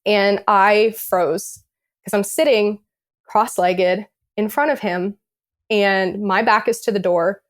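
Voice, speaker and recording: A woman's voice: medium pitch, steady tone, slow pace. A young woman telling her own story on a podcast in a casual, rambling way, full of "like" and acted-out quotes. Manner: rambling, many "like"s, acts out quotes.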